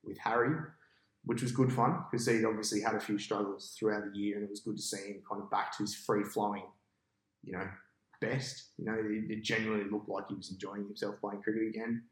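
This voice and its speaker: A cricket captain telling a long match story on a podcast, in a casual, animated way and with an Australian accent. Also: male voice, lowish voice, brisk, echoey room, poor audio. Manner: animated storyteller, acts out his own past thoughts.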